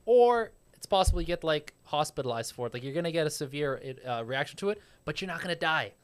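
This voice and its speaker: A man's voice: a little high, animated, fast talker, clean tone. A man hosting a casual podcast, explaining with frequent profanity and stammered restarts.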